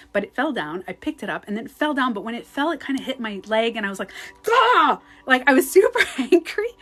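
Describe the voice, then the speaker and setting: Animated swearing woman coach on a phone live stream. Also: medium pitch. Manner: animated, swears freely, acts out her own outbursts. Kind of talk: casual live-stream advice chat. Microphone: phone on a ring light.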